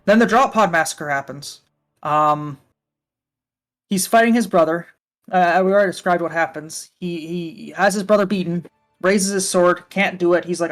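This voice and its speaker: A man with a high voice rambles through a casual story on a stream voice call, full of fillers and cursing. Faint music plays underneath. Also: moderate pace, a bit bright. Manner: rambling, with frequent fillers and swearing. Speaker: guest on a livestream. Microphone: voice call from a computer.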